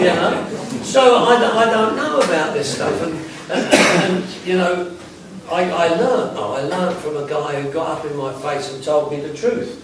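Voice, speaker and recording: A man's voice: a little high, lively intonation, moderate pace, over a noisy crowd. A man giving a blunt, conversational talk to a recovery group, with laughs and asides mixed in. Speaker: recovery workshop speaker. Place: workshop meeting room. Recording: very echoey room, mic far off, faint noise.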